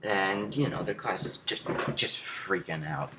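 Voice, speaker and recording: A man's voice: deep voice, expressive, measured pace, noisy background. A young man, a student vlogger, casually retelling a classroom story and acting out the voices of the people in it.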